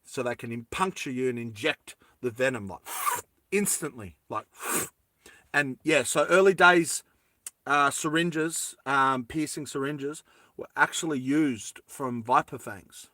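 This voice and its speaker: A man's voice: medium pitch, a little slow, sharp tone, no room sound, clean studio sound. A man chatting casually through a lighter repair, rambling into jokey tangents and correcting himself as he goes. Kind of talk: casual how-to chat.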